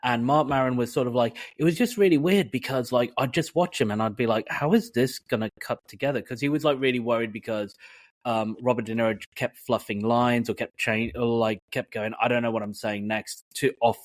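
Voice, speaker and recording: A man from Britain talks films on a podcast, animated and quick to act out reactions in jokey voices. His voice sits at an ordinary pitch, recorded close and very dry with no room sound. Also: no room sound. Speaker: podcast co-host. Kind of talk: casual film-talk chat.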